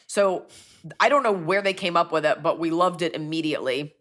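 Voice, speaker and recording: A woman comedian in her forties chats loosely about her work and keeps slipping into quick accent impressions as she talks. Her voice sits a little low for a woman. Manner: animated, jumps into quick bits of accents and impressions. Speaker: comedian host answering fan questions. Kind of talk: casual chat.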